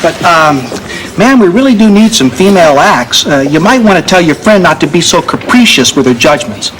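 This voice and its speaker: A man's voice: high-pitched, very animated, fairly quick, fairly bright tone, slight background noise, poor audio. A man playing a polite young helper.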